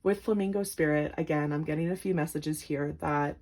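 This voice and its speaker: A woman doing a pick-a-card tarot reading to her viewers, gentle and emotional, with lots of filler words. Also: low voice, fairly quick. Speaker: tarot reader.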